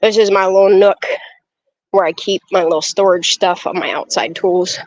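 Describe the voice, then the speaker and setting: Touring her garden outdoors, a woman vlogger talks directly to her viewers in a chatty, excitable way, swearing freely as she walks and talks. Her voice is medium-pitched and moderately paced, captured on a handheld phone camera with slightly dull audio and no room sound.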